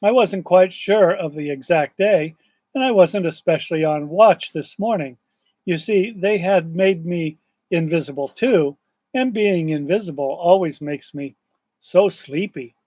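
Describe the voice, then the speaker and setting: A man's voice: high voice, a little slow, a little mellow, no echo. A man reading aloud as a kindly, sleepy old male magician who talks in a mild, chatty way.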